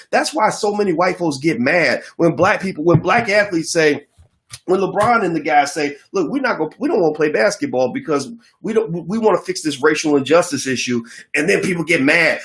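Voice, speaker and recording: A middle-aged man giving an animated political commentary monologue, emphatic and repeating his phrases as he builds a point. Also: sits high. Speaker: commentary host.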